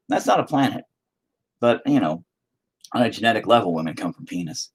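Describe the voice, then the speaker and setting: A man talks loosely to a live-stream audience while he works on a painting. He swears constantly and rambles from one joke to the next. His pitch swings widely, rising high and dropping low. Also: animated, moderate pace, long pauses, breathy edge. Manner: profane, rambling, jokey. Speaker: streaming artist.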